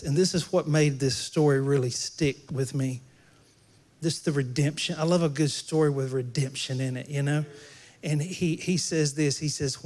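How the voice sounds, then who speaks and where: A pastor preaches a sermon in a church, speaking conversationally and joking with the congregation. His voice sits on the high side with a darkish tone.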